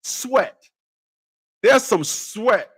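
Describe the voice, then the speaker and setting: A man's voice: high-pitched, lively intonation, drawn-out words, a bit bright, slightly rough. A man ranting in a rambling comedic monologue, stammering and repeating words as he goes. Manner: stammers and repeats words, laughs at own jokes. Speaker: vlogger.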